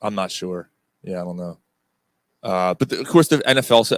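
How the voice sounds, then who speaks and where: A man's voice: low voice, brisk, no echo. A man co-hosting a casual sports podcast, talking in a profane, rambling, opinionated way. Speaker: podcast co-host.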